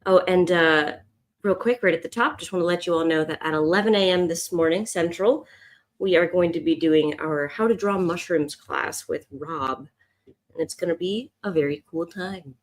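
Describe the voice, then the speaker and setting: A woman with a fairly low voice, speaking at a normal speed, hosts a casual live drawing stream as an art teacher. She chats and thinks aloud while she sketches.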